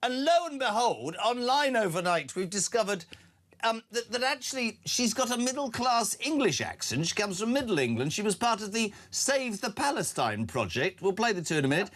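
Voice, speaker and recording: Excitable chummy man radio host. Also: high-pitched, moderate pace. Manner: excitable, chummy, laughs often. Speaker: radio breakfast show host. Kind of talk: live talk radio hosting.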